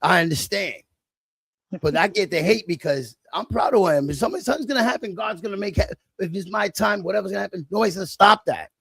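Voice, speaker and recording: Host type: middle-aged New man, high gravelly voice, blunt and profane, dry close sound. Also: quick pace, no room sound. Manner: blunt, profane, animated storytelling. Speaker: livestream host. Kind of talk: casual chat.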